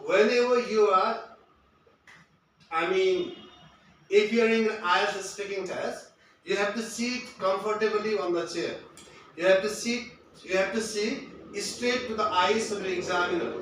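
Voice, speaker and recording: A man's voice: high-pitched, fairly bright tone, slight background noise. A man teaching tips for a spoken English test, repeating each tip and asking himself what it means. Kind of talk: classroom-style spoken lesson. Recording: very echoey room, voice from far off mic.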